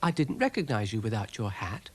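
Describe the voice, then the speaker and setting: A man's voice: fairly low pitch, sing-song, a little fast, slightly rough. A man voicing a polite, sensible little girl for a cartoon.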